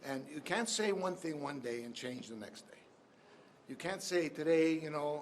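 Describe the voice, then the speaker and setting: A man's voice: a little high, expressive, moderate pace. A male politician answering reporters in a press scrum, emphatic and repeating "okay?" to press his points. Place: busy hallway. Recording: noisy crowd around.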